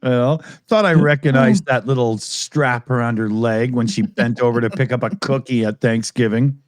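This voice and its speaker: A man's voice: mid-range voice, fairly even intonation, normal speed, dry recording. Dry-sounding male podcast joker. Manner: dry storyteller, swears casually. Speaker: podcast co-host. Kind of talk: crude comedic banter.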